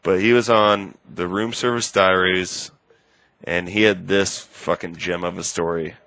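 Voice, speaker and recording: A man's voice: deep voice, fairly even intonation, unhurried, bright, forceful tone, no echo. A man hosting a podcast in casual chat, rambling and swearing as he goes. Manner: rambling, profane, loses his train of thought. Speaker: podcast host.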